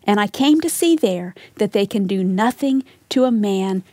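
A woman giving a recorded Bible teaching in an earnest, measured way, sometimes dropping to a soft whisper for emphasis. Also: medium pitch, lively intonation, dry recording.

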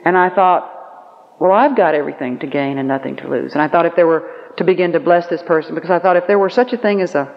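A woman giving a Christian teaching message at a conference, telling stories in an earnest, measured way. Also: on the low side, gravelly. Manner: storytelling, earnest, slow emphatic phrasing. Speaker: conference speaker. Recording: lo-fi recording with long reverb.

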